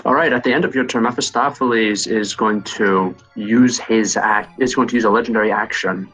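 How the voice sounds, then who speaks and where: A man narrating as game master, explaining the rules and calling out damage in a steady, measured way. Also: on the low side, slightly rough, faint music behind, rough recording.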